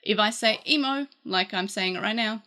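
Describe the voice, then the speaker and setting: Bright chatty Australian woman. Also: mid-range voice, little pitch movement, fairly quick. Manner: chatty, rambling with fillers and restarts. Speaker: tech reviewer. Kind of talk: casual unboxing review.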